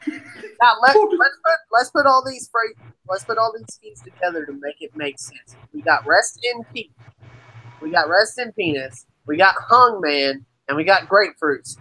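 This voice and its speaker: A woman co-hosting a podcast in casual chat, excitable with loud exclamations. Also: medium pitch, normal speed, rough recording. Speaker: podcast co-host.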